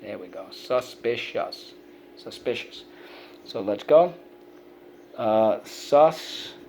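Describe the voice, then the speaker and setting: A man teaching a spelling and vocabulary lesson for children, sounding out words slowly and prompting listeners to repeat them. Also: lowish voice, lively intonation, gravelly, dark tone, slight background noise.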